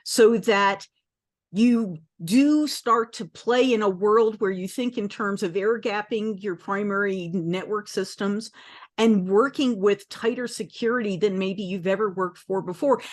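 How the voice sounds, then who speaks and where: A middle-aged woman, an industry analyst, speaking in a measured, explanatory conversational discussion. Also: medium pitch.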